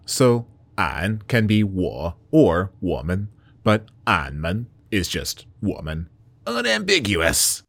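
A native English speaker hosts a solo podcast lesson on Mandarin slang, playful and chatty, full of jokes and rhetorical questions. His low voice moves slowly with lively intonation and no echo.

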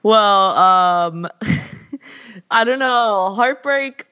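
A woman's voice: medium pitch, very slow, pushed and bright. A young woman co-hosting a casual chat podcast, rambling, giggling and cutting herself off mid-sentence. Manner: giggly, rambling, self-interrupting. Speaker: podcast co-host. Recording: dull lo-fi audio.

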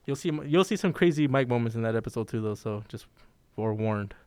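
A man's voice: medium pitch, expressive, quick pace, a little mellow, clean tone, no echo. A man co-hosting a boxing podcast in casual chat, laid-back and trailing off, swearing now and then. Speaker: podcast co-host.

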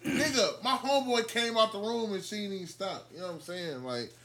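A young man hosting a podcast, telling a story among friends in a casual, animated way and acting out the voices he quotes. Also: high voice, fairly quick. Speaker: podcast host.

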